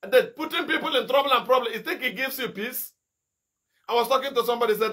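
A fiery male evangelist from Nigeria preaching a sermon in a high, ringing voice. He is bright and piercing in tone, firing off rhetorical questions and sudden shouted rebukes. A middle-aged preacher who swings between scolding and exhortation. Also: fast.

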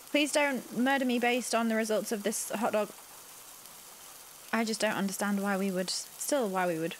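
A woman's voice: mid-range voice, a little hiss or hum. A woman hosting a let's play, chatting flustered and apologetic to the game's characters as she plays. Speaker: gaming channel host.

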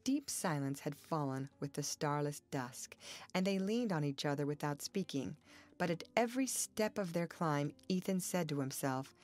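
A woman reading a classic novel aloud as an audiobook narrator, in a measured and expressive way. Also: low voice. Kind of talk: scripted narration.

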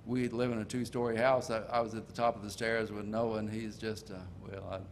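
An older man preaching a sermon in a folksy storytelling manner, slowing down to stress key points. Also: fairly low pitch, level tone, slight background noise.

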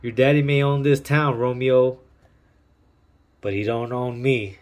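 A man's voice: mid-range voice, a little slow, darkish tone, lightly acted. A man reading out the lines of a tough, unimpressed police officer who brushes off a threat. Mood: defiant. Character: tough unimpressed male cop.

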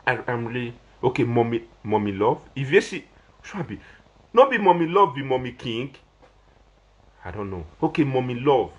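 A young social media personality with a Nigerian Pidgin English accent talks casually on a live video, pleading with listeners in a rambling, repetitive way. His voice is on the low side.

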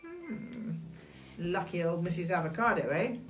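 An Englishwoman in her sixties with a British accent leads a children's craft story time, calling out to the kids in an animated, sing-song way. Her voice sits a little low for a woman, and soft music plays behind her. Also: measured pace. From England. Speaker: children's show host.

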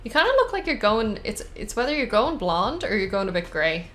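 A woman's voice: medium pitch, very animated, brisk, fairly bright tone, faint music behind. A young woman streaming a survival game with a friend, chatting casually, giggly and rambling. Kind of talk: casual gameplay chat.

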